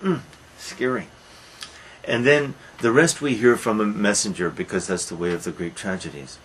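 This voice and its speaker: A man's voice: fairly low pitch, normal speed, fairly bright tone, a little hiss or hum, poor audio. A man lecturing on a Greek tragedy, retelling it as a dramatic storyteller who repeats words for emphasis. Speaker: literature lecturer.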